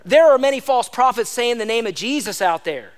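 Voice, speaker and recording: A man's voice: very high voice, lively intonation, a little fast. A man preaching a sermon as pastor, emphatic and exhorting, repeating lines for stress. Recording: long hall reverb.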